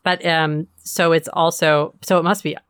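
A woman's voice: low-pitched, level tone, moderate pace, clean tone, dry recording, clean studio sound. A woman co-hosting a podcast, chatting casually with self-deprecating asides and questions. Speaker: podcast co-host. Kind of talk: casual chat.

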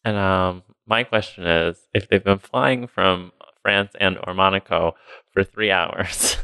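A man's voice: deep voice, fairly even intonation, slow pace, pushed and bright, clean tone, no echo. A man co-hosting a podcast, casually recapping a movie with a sarcastic, rambling manner and frequent laughs. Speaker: podcast co-host.

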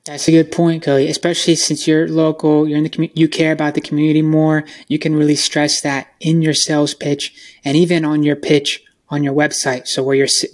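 A man with a fairly high-pitched voice chats on a podcast. He agrees with his co-host and adds his own points, restarting a sentence now and then. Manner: agreeable, chimes in with follow-up points, some restarts. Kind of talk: casual podcast chat.

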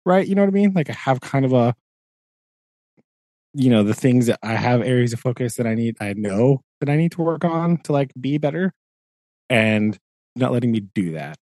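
A man's voice: mid-range voice, very animated, moderate pace, darkish tone, no echo. A man co-hosting a podcast, venting in a rambling casual chat full of fillers and laughs. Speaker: podcast co-host.

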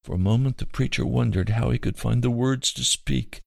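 A man reading a story aloud in an earnest, measured way. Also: mid-range voice, gravelly, a little mellow, dry recording. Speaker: reader. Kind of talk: storytelling narration. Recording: dry close recording.

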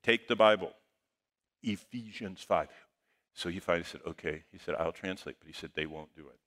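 Male pastor, lively storytelling sermon, bright voice, long hall reverb. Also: low voice, normal speed. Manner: animated storyteller, swings between loud bursts and hushed asides. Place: church auditorium.

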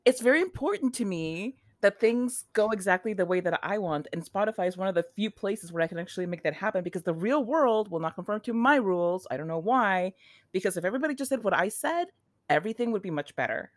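A woman's voice: mid-range voice, animated, fast. A woman chats as a podcast guest, playfully dramatic and mock-bossy. Her voice sits in the middle range and is recorded dry, with no room echo. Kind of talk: casual chat.

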